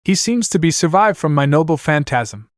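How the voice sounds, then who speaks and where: A man voicing a calm young male swordsman while reading fan fiction aloud. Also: on the high side, normal speed, no echo, clean studio sound, voice pushed up, lightly acted.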